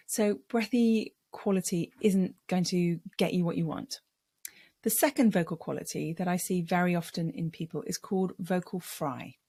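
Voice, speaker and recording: A woman's voice: fairly low pitch, darkish tone, no room sound. A middle-aged woman speaking coach giving a patient, explanatory lesson on how the voice works and demonstrating vocal sounds. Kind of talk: instructional talk to camera.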